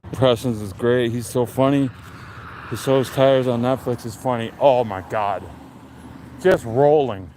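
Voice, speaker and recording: A man in his forties on a casual live stream, chatting in a relaxed, rambling and enthusiastic way. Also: medium pitch. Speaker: livestream host. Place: outdoors on a neighborhood street. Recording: faint outdoor street noise.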